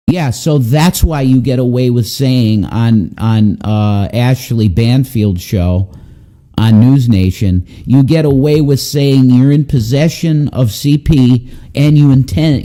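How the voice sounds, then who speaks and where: A man's voice: mid-range voice, unhurried, mellow. A man hosting a commentary show, ranting bluntly with frequent swearing and incredulous outbursts.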